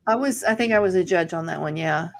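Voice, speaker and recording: A woman's voice: fairly low pitch, quick pace, creaky. A woman comedian in casual conversation, talking loosely with lots of fillers. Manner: chatty, lots of likes and ums. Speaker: comedian guest. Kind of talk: casual chat.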